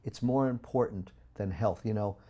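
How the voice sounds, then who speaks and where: A man speaking as an interview guest, talking in an emphatic, preachy way with big swings in loudness. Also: on the low side, moderate pace, highs cut off. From United States. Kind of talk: interview talk.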